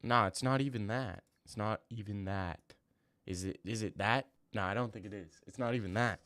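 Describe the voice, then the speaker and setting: A man's voice: lowish voice, moderate pace, fairly bright tone, no room sound. A young man livestreaming, chatting casually with his viewers and trash-talking them in slangy, rambling bursts. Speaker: livestreamer reading chat. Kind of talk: casual live-stream chat.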